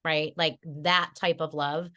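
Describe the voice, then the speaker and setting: A woman's voice: deep voice, flat delivery, slow, sharp tone. A woman, a podcast guest who teaches fitness and meditation, telling a personal story in a chatty, heartfelt way, with plenty of fillers and restarts. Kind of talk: casual conversational storytelling. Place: Connecticut.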